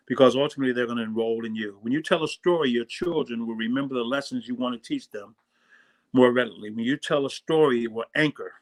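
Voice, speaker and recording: A man giving a workshop lesson on storytelling, telling a moving tale and then driving home its lessons with soft, dramatic drops in his voice. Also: medium pitch. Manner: swings between loud punches and soft whispers. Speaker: storytelling speaker.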